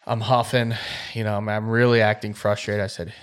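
A man in a garage casually telling a hunting story, animated, acting out quotes and laughing often. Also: fairly low pitch, fairly quick, smooth. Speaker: podcast co-host.

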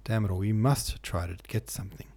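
A man reading aloud and voicing a reserved young man who speaks coldly and gravely. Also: on the low side, fairly even intonation, brisk, a little mellow. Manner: cold and grave. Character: cold, reserved young man, a former medical student.

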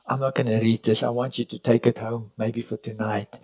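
A man preaching a sermon at a retreat, telling stories, rising to loud cries and dropping to near whispers, sometimes correcting himself mid-sentence. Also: mid-range voice, level tone, fairly quick, low-quality recording. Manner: preaching with sudden rises and hushed drops; storytelling with self-corrections. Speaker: pastor. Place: retreat meeting room.

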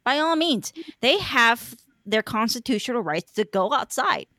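A woman's voice: a little high, animated, a little slow, sharp tone, no room sound, studio quality. Profane rambling woman podcast host. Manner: profane, rambling, many fillers. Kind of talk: casual political chat.

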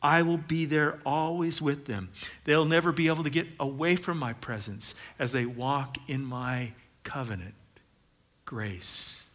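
A man's voice: mid-range voice, measured pace, fairly bright tone. A middle-aged man preaching a sermon as pastor, conversational with joking asides, building to emphatic declarations.

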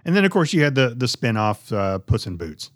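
A man's voice: medium pitch, very animated, brisk, no echo, clean studio sound. A man co-hosting a podcast in casual chat, blunt and joking, swearing often. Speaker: podcast co-host.

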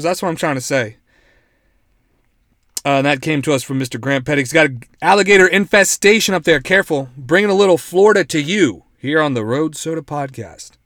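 A male podcast host with a somewhat high voice, joking and swearing freely as he reads stories aloud. The sound is dry and close, with no room at all. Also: no room sound. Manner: joking, profane, animated. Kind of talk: casual podcast chat, reading news aloud.

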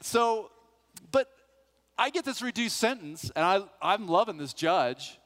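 A middle-aged male pastor telling a personal story as part of a sermon, animated and acting out the voices of the people in it. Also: high voice, unhurried, a little hiss or hum. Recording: long hall reverb.

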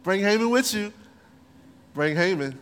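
A man voicing a gracious young queen who speaks softly, sweetly and hesitantly, in a sermon. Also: high-pitched, expressive, a little slow, clear, resonant tone. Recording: long hall reverb.

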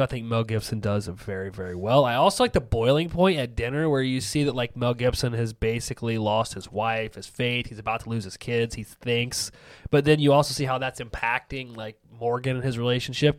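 A man hosting a movie podcast in loose, joking chat, with a voice of ordinary middle pitch. The sound is dry and close, with no room around him. He talks with crude, animated humor. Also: no echo. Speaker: podcast host. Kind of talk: casual movie-review chat.

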